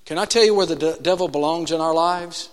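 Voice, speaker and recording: A man preaching a sermon to a church, animated, shifting from loud exclamations to hushed asides. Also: a little high, fairly quick, long reverb tail. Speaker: pastor.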